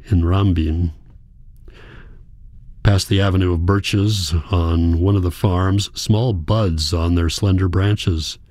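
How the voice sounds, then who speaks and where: Deep dude reading a story aloud, steady and even, super dry close mic. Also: male voice, no room sound. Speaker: audiobook narrator. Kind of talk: first-person scripted narration.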